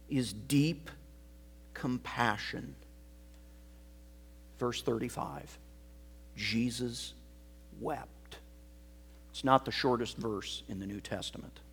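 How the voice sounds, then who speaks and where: A male pastor with a mid-range voice preaches a sermon, swinging between loud emphasis and hushed, nearly whispered words. There's a faint hiss or hum in the audio.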